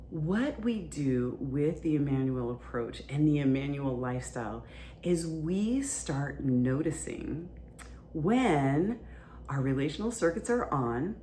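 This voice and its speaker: A woman's voice: extremely low pitch, warm tone, slight background noise. A woman hosting a podcast, explaining relationship ideas in a casual, conversational teaching style. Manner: conversational, explains plainly with fillers.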